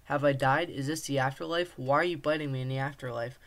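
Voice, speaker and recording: A man's voice: medium pitch, steady tone, fast, close to an everyday voice. A man reading aloud, voicing a thirsty, bewildered man lost in the desert who keeps asking confused questions.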